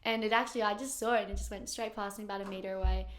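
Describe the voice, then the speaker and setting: A woman's voice: mid-range voice, fairly even intonation, racing. A young woman, a pro surfer as guest, chatting casually, giggly and loose with lots of fillers. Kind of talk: casual chat.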